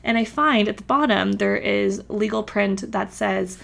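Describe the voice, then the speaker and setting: A woman's voice: medium pitch, measured pace, creaky, a bit bright. A woman vlogger telling a personal story in a chatty, casual way, with lots of "like". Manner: chatty, uses "like" a lot.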